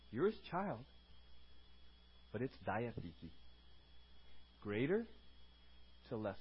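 A man preaching a sermon as a pastor. He moves between loud, emphatic teaching and soft, quiet asides, and he calls out to the congregation for responses. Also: mid-range voice, slightly rough, muffled recording.

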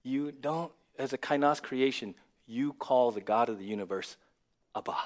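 A male pastor preaching a sermon, dropping to a near whisper and then rising to loud, emphatic lines. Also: medium pitch, moderate pace. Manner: swings from hushed to loud and emphatic.

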